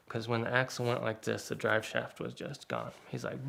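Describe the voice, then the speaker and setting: A man with a gravelly, creaky voice tells a personal story in a relaxed, conversational way. He gets animated and jumps into the voices of the people he quotes. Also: mid-range voice, moderate pace. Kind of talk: casual spoken anecdote.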